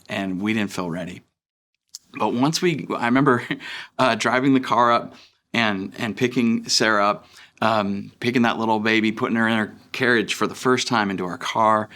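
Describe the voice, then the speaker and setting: A man's voice: mid-range voice, a bit bright. Young man, pastor, earnest, conversational sermon, fillers and restarts. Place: church.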